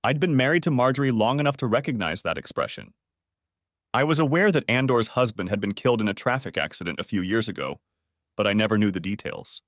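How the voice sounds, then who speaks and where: A man narrating a first-person story in an expressive reading voice. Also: on the low side, fast, dry recording, clean studio sound.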